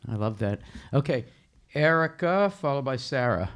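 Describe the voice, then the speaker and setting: A man's voice: medium pitch, animated, moderate pace, clean tone. A man hosting a live webcast poetry seminar, enthusiastic and encouraging as he calls on speakers. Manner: enthusiastic, encouraging, laughs often. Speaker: seminar host.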